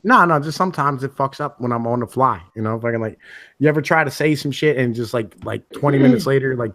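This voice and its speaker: A man's voice: mid-range voice, quick pace, fairly bright tone, no room sound. A man in casual livestream chat, profane and rambling, with mock-preacher bravado. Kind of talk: crude joking livestream chat.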